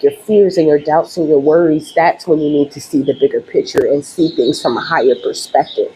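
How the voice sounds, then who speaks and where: Low-voiced woman giving an emphatic spiritual reading. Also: dark tone, a little hiss or hum, rough recording. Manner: chatty and emphatic, speaking straight to viewers; heartfelt, openly emotional. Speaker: spiritual reader and channel host. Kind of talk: casual direct-to-camera spiritual reading.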